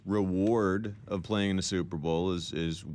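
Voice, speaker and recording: A former football player who is a guest on a radio show and gives easygoing short answers. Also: male voice, sits low, fairly even intonation, measured pace, a little mellow. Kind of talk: radio talk show banter.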